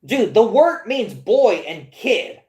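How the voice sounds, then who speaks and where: Twenty-something woman ranting, swears a lot, stumbles over her words, pitch all over the place. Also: very animated, slow, a little mellow, echoey room. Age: 20s. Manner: incredulous, profane, stammering restarts. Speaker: comics podcast host. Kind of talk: casual rambling commentary, reading aloud from a screen.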